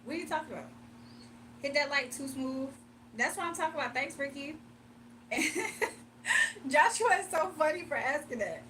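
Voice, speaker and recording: A woman's voice: high-pitched, animated, moderate pace, pauses often, a bit bright, distant mic, slight background noise. A young woman hosting a casual livestream, reading viewer comments aloud, teasing them and laughing often. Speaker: livestream host.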